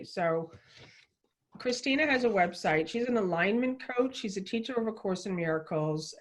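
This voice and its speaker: Effusive woman hosting a livestream show. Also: on the low side. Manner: effusive and enthusiastic, chatty storytelling. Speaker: show host.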